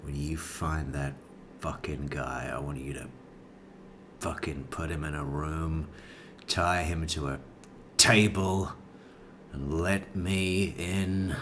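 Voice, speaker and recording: A man putting on the voice of an enraged grieving father who vows brutal revenge, in a deep growling tone. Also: steady tone, slow pace, long pauses, fairly bright tone, a little hiss or hum, full character voice. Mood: menacing.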